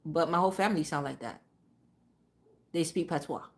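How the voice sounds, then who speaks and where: A woman vlogger talking casually, rambling and repeating herself, trailing off into low mutters. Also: normal speed. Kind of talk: casual monologue.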